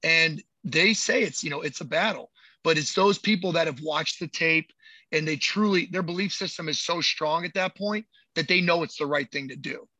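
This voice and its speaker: A man's voice: a little high, normal speed, bright, forceful tone, no echo. A man who works as a movement coach, talking in a casual podcast chat, emphatic and profane and repeating words as he gets fired up.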